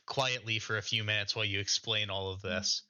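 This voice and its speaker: A man running a tabletop game as game master, narrating and calling for dice checks in a relaxed, joking way. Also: lowish voice, fairly quick, dull audio.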